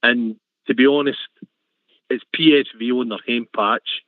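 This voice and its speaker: A man's voice: medium pitch, fairly even intonation, unhurried, dry recording. An older Scottish man calling into a football phone-in, rambling and boisterous, joking darkly. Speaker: caller. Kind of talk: casual football phone-in chat. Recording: tinny phone line.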